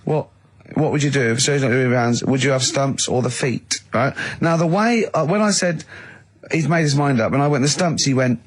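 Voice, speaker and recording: A man's voice: medium pitch, a little fast. A man with an English accent, a radio host who tells an anecdote animatedly and laughs a lot in a studio. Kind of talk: casual radio chat.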